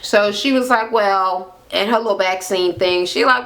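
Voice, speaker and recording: A woman's voice: mid-range voice, moderate pace, rough recording. A woman recapping a reality show in a casual, profane rant, acting out the cast's lines. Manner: animated, profane, acts out quotes.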